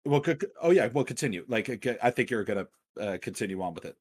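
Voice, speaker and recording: A man's voice: medium pitch, lively intonation, fast, husky. A man co-hosting a casual film discussion, talking with enthusiasm and rambling through many fillers. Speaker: podcast co-host.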